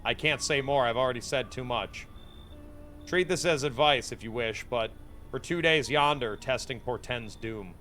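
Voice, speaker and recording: A man voicing a cryptic, foreboding male seer who speaks in slow, archaic, portentous phrases. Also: mid-range voice, sharp tone, faint music behind, voice pushed down, natural voice. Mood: ominous.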